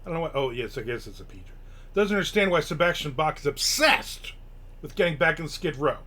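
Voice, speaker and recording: A man's voice: a little high, animated, fast talker, fairly bright tone. A man hosting a casual live show, grumbling and swearing sarcastically as he tells stories. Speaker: podcast host. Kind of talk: casual live-stream chat.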